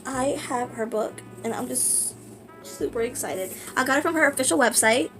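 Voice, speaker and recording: A woman vlogging casually, gushing and excitable, with lots of fillers. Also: high voice, moderate pace, faint music behind. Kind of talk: casual book vlog.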